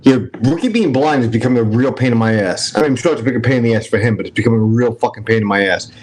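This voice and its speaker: A man's voice: mid-range voice, rapid-fire, darkish tone, breathy edge, low-quality recording. A man with a strong New York accent, hosting a casual livestream chat, brash and profane as he jokes with his viewers. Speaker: livestream host.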